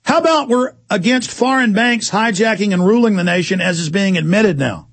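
A man's voice: sits high, animated, normal speed, a bit bright, dry recording. A man hosting a political talk show, ranting heatedly with sarcastic asides. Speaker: talk radio host.

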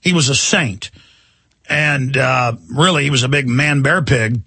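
A man's voice: mid-range voice, measured pace, sharp tone, husky, no room sound. A man hosting a talk radio show, rambling and indignant in an emphatic monologue from a studio.

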